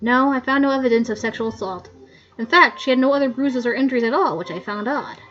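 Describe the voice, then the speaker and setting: A woman reading the lines of a grumpy old male coroner, loud and gruff, on a muffled lo-fi mic. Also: sits high, quick pace. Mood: grumbling.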